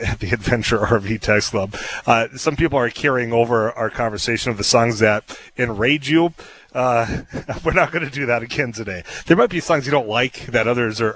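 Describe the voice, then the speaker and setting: A man's voice: mid-range voice, fairly bright tone, a little hiss or hum, rough recording. A man hosting a talk radio show, chatting casually and telling stories with frequent fillers and laughs, in a radio studio. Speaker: radio host.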